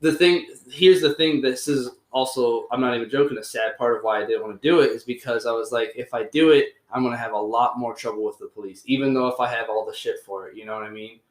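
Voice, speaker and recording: A man's voice: medium pitch, fast, hardly any pauses. A young man, telling a story as a podcast host in casual, rambling chat full of fillers and swearing. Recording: roomy echoey room.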